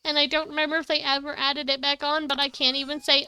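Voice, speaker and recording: A high-voiced woman streamer rambles excitedly in casual chat and swears freely. Her voice is bright and clear, and the room sound is dry with no echo. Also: a little fast. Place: her home.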